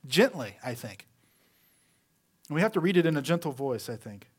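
Male pastor, slightly high voice, talky sermon full of rhetorical questions, trails off softly at phrase ends. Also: very animated, normal speed, husky. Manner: conversational preaching with rhetorical questions.

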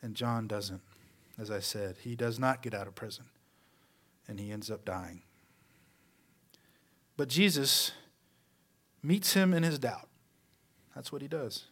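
A male pastor preaching a conversational sermon, asking rhetorical questions and letting his voice fall soft at the ends of phrases. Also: medium pitch, animated, measured pace, long pauses.

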